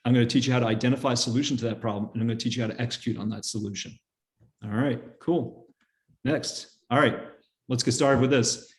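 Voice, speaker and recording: A middle-aged man giving a casual lecture with slides, telling stories quickly with fillers and small laughs. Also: medium pitch, steady tone. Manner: fast, chatty storytelling with fillers and laughs. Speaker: guest speaker teaching interview skills.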